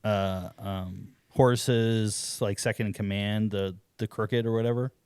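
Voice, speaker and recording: A man's voice: on the low side, fairly even intonation, a little slow, a little mellow, clean tone, no echo, clean studio sound. A man chatting casually on a podcast, laid-back and full of fillers. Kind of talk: casual chat.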